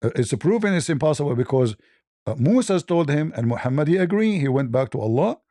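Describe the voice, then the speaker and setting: Man, host, heated debate, mellow warm tone, dry close sound, somewhat high voice. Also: sing-song, a little fast, dry recording. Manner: argumentative, repeats points, mocking.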